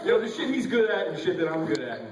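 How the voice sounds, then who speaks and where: A man's voice: a little high, very fast. A man on a convention panel telling stories to the audience, swearing and laughing a lot. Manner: profane, animated, laughing storyteller. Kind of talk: casual storytelling with audience. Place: convention hall, crowd around. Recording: echoey hall from far off, loud crowd noise.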